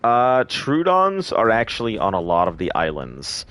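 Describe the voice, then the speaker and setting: A man's voice: fairly low pitch, huge pitch swings, unhurried, no room sound. A man streaming a survival game, chatting casually and muttering to himself as he plays. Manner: mutters quietly to himself while playing. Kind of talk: casual gameplay chat.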